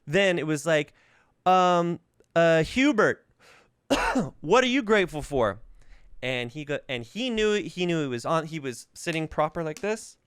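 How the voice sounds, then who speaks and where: A man's voice: fairly high pitch, unhurried, smooth, no room sound. A man in his thirties hosting a podcast, telling stories in casual, profane chat, ill with covid and coughing. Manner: profane, animated, mimics voices in quotes. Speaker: podcast host. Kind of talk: casual comedic storytelling.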